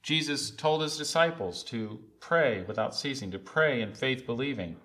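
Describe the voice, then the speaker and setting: A male preacher delivering a sermon with a bright, forceful tone. He is earnest and repeats his key lines, swelling into loud, emphatic calls before easing back to a conversational level. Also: mid-range voice, animated, normal speed.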